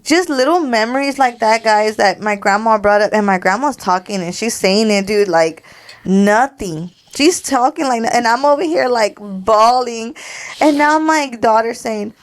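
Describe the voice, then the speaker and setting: A woman's voice: fairly high pitch, a little slow. A young woman hosting a podcast. She tells stories in a casual heart-to-heart chat, with plenty of "like" and "dude", and speaks straight to her listeners. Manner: chatty storytelling, lots of "like" and "dude". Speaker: podcast host.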